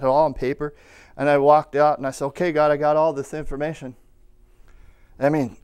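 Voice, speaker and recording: A man preaching a sermon, telling a personal story and rising to loud calls of amen. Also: medium pitch, clear, resonant tone. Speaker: pastor.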